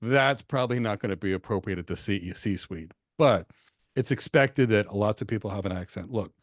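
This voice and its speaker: An American man hosting a live question session, talking in an animated, encouraging way and telling stories. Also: on the low side, moderate pace, no echo, studio quality. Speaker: host and instructor. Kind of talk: live Q&A webinar.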